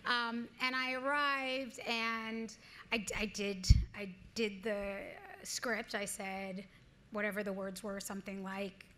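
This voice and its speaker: A woman in her thirties being interviewed on a live event stage, telling stories in an earnest, animated way with frequent restarts. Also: mid-range voice, takes it slowly. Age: 30s. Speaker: guest actress. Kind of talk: onstage interview conversation.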